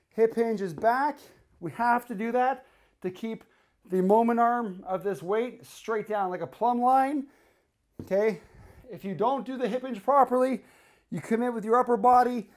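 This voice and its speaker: A man leads a workout as a fitness coach, giving short form cues and counting reps out loud. He does the exercises himself as he talks, and he gets out of breath during the sets. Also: high-pitched. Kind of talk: workout instruction while exercising.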